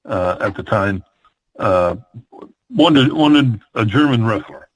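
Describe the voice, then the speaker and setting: A man's voice: on the low side, expressive, slow, no echo, poor audio. Older man telling wrestling stories. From American Midwest. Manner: rambling, many fillers and restarts. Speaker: retired pro wrestler, guest. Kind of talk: storytelling interview.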